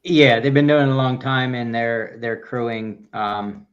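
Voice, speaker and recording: A man in casual podcast chat, excited and rambling with frequent restarts. His voice sits in a middle pitch. The audio is dull and lo-fi. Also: a little slow. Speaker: podcast co-host.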